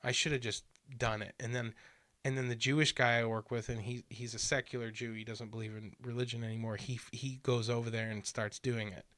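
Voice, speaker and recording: A man talks through a casual podcast conversation with earnest, insistent energy, slipping into little voices to act out the people in his stories. His voice sits at a middle pitch and the recording is close and dry, with no room sound. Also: brisk, no echo. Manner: animated storyteller who acts out quotes.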